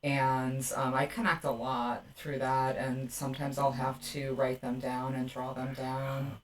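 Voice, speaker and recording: A woman co-hosting a podcast in casual chat, soft-spoken and joking. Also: very deep voice, flat delivery, unhurried, echoey room, distant mic, slight background noise. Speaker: podcast co-host.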